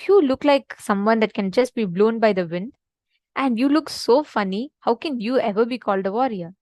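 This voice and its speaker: A woman voicing a calm, wise old male Zen master in a spoken parable. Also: fairly high pitch, moderate pace, no echo, studio quality, close to an everyday voice. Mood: mocking.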